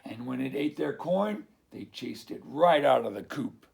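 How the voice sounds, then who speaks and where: A man reading a picture book aloud to children, slow and expressive, as a teacher. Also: mid-range voice, creaky.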